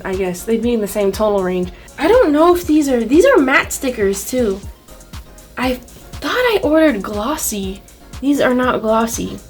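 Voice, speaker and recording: A young woman with a fairly high voice chats loosely through an art vlog, leaning on "like" and dropping curses as she rants. Soft music plays underneath. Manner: chatty, many "like" fillers, swears and rants with laughs. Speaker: artist vlogger. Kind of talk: casual vlog chat. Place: home art studio. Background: faint background music.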